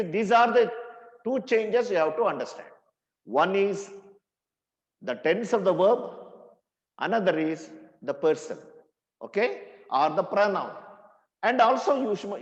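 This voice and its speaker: Slow, emphatic Indian English teacher. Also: male voice, high-pitched. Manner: slow, emphatic, repeats example sentences. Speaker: school teacher. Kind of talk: grammar lesson. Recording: dull, lo-fi classroom recording with long reverb.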